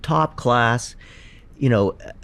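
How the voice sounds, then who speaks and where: A man's voice: medium pitch, takes it slowly, a bit bright, no room sound. A man co-hosting a live podcast Q&A at a seminar, making his points in an earnest, emphatic way. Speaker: podcast co-host. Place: seminar stage.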